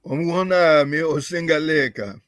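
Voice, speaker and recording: A man in a language class, slowly reading out practice sentences. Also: a little high, a bit bright, no room sound, studio quality. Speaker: student.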